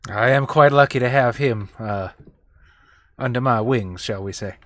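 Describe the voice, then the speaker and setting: A man's voice: mid-range voice, a little slow, fairly bright tone, dry recording, voice pushed down, lightly acted. A man doing a folksy country man. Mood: wary. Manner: earnest, homespun, with a drawl.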